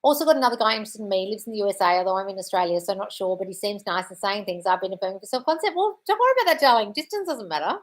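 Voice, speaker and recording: A woman's voice: medium pitch, lively intonation, rapid-fire, few pauses. A woman coach hosting a live Q&A, reading viewers' chat questions and answering bluntly, swearing freely and calling people darling. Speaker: manifestation coach.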